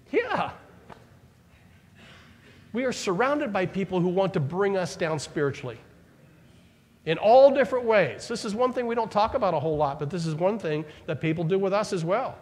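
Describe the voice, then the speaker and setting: Man, pastor, animated sermon, high voice, reverberant church hall. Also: normal speed, pauses often. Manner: animated preaching, acts out Bible figures' words. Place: church sanctuary.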